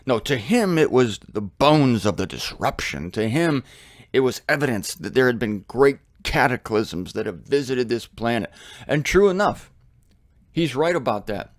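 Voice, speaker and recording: An American man giving a casual, animated Bible study with humorous asides. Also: mid-range voice, a little slow, no room sound, studio quality. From United States. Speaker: Bible teacher. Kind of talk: conversational Bible study teaching. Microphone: studio mic with headphones.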